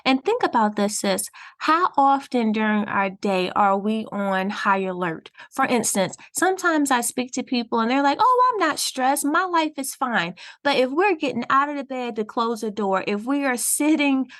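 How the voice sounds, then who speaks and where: A woman's voice: fairly high pitch, lively intonation, normal speed, few pauses. A woman counselor with a Southern US accent, explaining things earnestly in a podcast interview. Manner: earnest, explanatory, warm laughs. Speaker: counselor guest.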